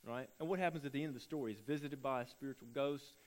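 A man preaching a sermon, telling stories in an animated way and acting out the voices of the people in them. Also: mid-range voice, quick pace. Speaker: pastor.

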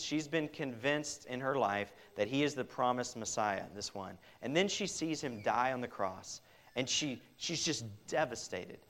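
A man's voice: mid-range voice, a bit bright. This is a man delivering a sermon in an ordinary mid-range voice. He pleads earnestly with his listeners, turning to them with direct questions. His sentences often stall and restart as he thinks aloud. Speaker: pastor.

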